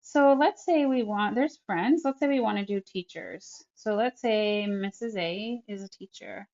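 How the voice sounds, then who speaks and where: A woman's voice: mid-range voice, unhurried, darkish tone, dull audio. A woman speech therapist casually narrating an app tutorial step by step, chatty and full of fillers. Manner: chatty, narrates each tap, frequent fillers. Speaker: speech-language pathologist.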